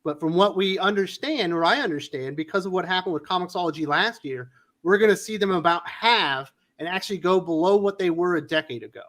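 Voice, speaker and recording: A man's voice: high voice, brisk. A man hosting a casual comics panel livestream, telling a story with lots of acted-out quotes and swearing. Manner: animated storyteller, swears, acts out quotes loudly. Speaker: host of a comics news livestream.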